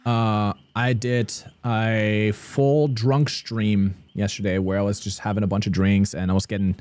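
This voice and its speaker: A man's voice: fairly low pitch, level tone, a little slow, hardly any pauses, a little mellow, no room sound. A young man from Germany, casually chatting with viewers and cracking jokes while streaming a game. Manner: joking, cursing, chatting with viewers. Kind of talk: casual livestream commentary.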